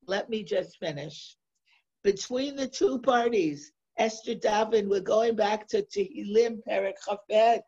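A woman teaching a lesson on a sacred text, reading verses aloud and translating them in a slow, deliberate way. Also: medium pitch, husky. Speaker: Torah teacher. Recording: dull lo-fi recording.

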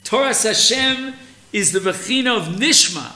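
A man giving a slow, deliberate Torah lesson on a holiday theme, speaking with an of terms. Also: high voice, lively intonation, bright, forceful tone. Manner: slow, deliberate teaching, mixing Hebrew terms. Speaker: rabbi teaching Torah.

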